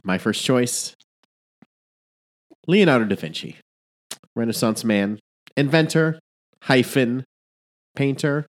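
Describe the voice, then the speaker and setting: A man co-hosts a comedy podcast and keeps up playful ribbing. His pitch swoops around a lot while he talks. The chat is casual, with plenty of jokes. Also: animated, slow, long pauses. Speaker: podcast co-host.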